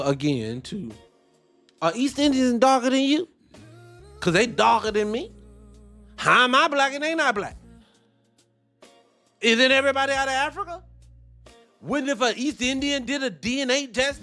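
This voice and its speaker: A man hosting a show, reacting to a debate clip with animated, profane commentary and rhetorical questions. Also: very high-pitched. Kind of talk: heated commentary.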